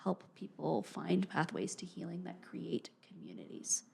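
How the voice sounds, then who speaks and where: A woman's voice: fairly low pitch, unhurried, gravelly, darkish tone, a little hiss or hum. A young adult woman speaking earnestly and reflectively as an interview guest, often dropping to a near-whisper. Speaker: podcast guest, mental health professional. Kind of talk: conversational interview.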